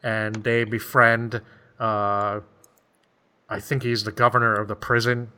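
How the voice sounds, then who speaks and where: This man's voice is lowish, smooth, pushed and bright, with little pitch movement and a measured pace. Chatting casually, he recounts a book's plot in a rambling way, laughing frequently and performing bits of it in character voices.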